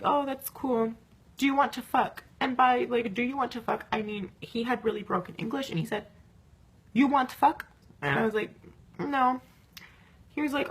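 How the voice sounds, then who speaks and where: A woman's voice: mid-range voice, slight background noise. Rambling, profane young woman storyteller. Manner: rambling, profane, full of "like" fillers. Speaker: vlogger. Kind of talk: casual storytelling to camera.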